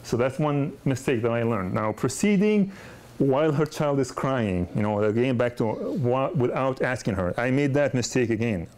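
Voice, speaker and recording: A man's voice: medium pitch, lively intonation, normal speed, a little mellow. A middle-aged man, a pediatric dentist, gives a lecture full of personal stories, talking conversationally with frequent restarts and repeated words. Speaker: pediatric dentist teaching a course.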